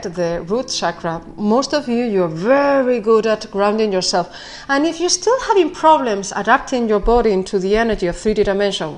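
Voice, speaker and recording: Excitable woman giving a tarot reading. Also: mid-range voice. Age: 40s. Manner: excitable, rambling, laughs often, keeps apologizing. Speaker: tarot reader. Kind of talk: casual spoken tarot reading.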